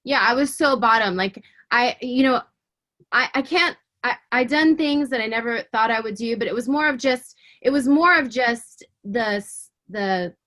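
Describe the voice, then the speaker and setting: Interviewed as a guest, a woman gives a personal faith testimony in a slightly high, bright, forceful voice. She's fervent and earnest, emotional, often halting, repeating words, and restarting her sentences.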